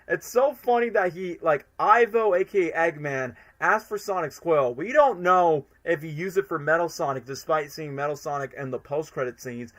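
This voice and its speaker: A man's voice: mid-range voice, a bit bright. A young man chatting on a live stream, rambling enthusiastically with lots of fillers. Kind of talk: casual live-stream commentary.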